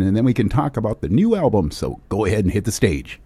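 A man's voice: lowish voice, sing-song, fast talker, mellow, breathy edge, dry recording. A man hosting a radio interview in an upbeat, enthusiastic presenter manner, with music playing under his voice.

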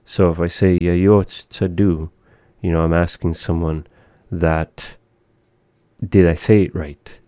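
A man teaching a language in a relaxed conversation, modeling words slowly and patiently. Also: deep voice, dry recording, studio quality.

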